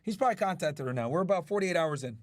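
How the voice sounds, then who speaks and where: A brash male podcast host riffs to his live chat in a raised, high-pitched voice. His voice sits dry and close, with no room sound around it, and he swears freely while he reacts to the news. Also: expressive, racing, dry recording. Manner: brash, profane, talks to chat.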